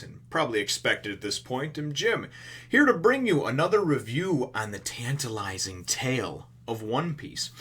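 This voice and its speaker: Guy rambling thru a review, kinda low voice but bright and forceful, tons of uhs and restarts. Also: breathy edge. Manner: rambling and loose, many fillers and restarts, swears freely. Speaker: video reviewer. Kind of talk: casual chat.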